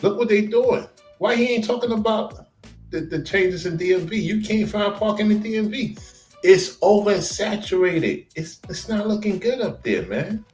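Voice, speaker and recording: Guy telling stories in a casual chat, lively, roomy echo. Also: high voice, normal speed, faint music behind. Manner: animated storytelling, slips into quoted voices.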